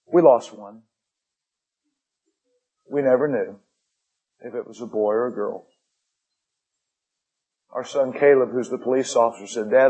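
A middle-aged man preaching a sermon with personal stories, folksy, moving between upbeat jokes and hushed intensity. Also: mid-range voice, breathy edge, rough recording. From United States. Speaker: missionary pastor.

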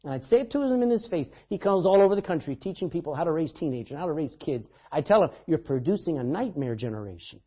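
A man preaching a sermon, telling stories with emphasis and swinging between loud outbursts and hushed asides, in a dull lo-fi recording. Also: sits high, lively intonation, very fast, hardly any pauses.

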